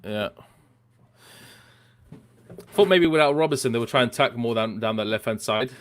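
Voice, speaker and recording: A man's voice: mid-range voice, moderate pace. A man co-hosting a live football watchalong, reading viewer comments aloud and laughing often between remarks. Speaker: watchalong co-host. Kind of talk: casual live match chat.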